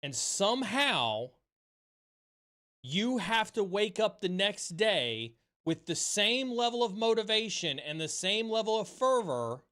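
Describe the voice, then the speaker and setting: A man speaking to his stream audience with raw, impassioned energy, hammering his points home by repeating them and swearing freely. His voice sits a little higher than most men's. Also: big pitch swings, slow pace, pushed and bright. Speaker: streamer host. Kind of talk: motivational livestream talk.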